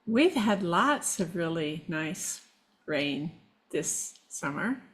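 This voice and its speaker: A middle-aged woman talking casually as a guest, meandering and halting with restarts. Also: fairly low pitch, sing-song, a bit bright. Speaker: guest, shamanic practitioner. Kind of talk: casual conversation.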